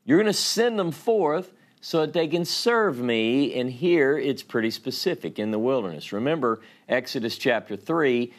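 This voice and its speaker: A man with a Louisiana drawl gives a Sabbath Bible teaching at an unhurried, measured pace. He reads scripture passages aloud and pauses to explain the Hebrew words. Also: medium pitch. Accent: Southern US, Louisiana.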